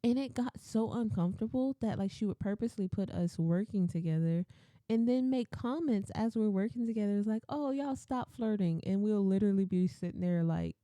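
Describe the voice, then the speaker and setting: A young adult woman hosting a podcast, telling work stories in a casual, animated way and acting out her coworkers' lines. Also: mid-range voice, brisk, no echo, clean studio sound. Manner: animated, acts out coworkers in quoted voices, laughs often. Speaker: podcast host. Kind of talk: casual storytelling monologue.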